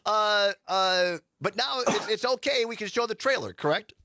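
A man's voice: high-pitched, expressive, moderate pace, bright, forceful tone, dry recording. A man hosting a casual interview, chatty and enthusiastic, welcoming his guests. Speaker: radio host.

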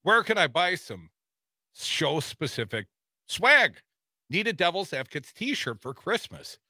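A man's voice: a little high, sing-song, a little slow, sharp tone, dry recording, clean studio sound. A man co-hosting a casual political talk radio show with wry, teasing banter. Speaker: radio co-host.

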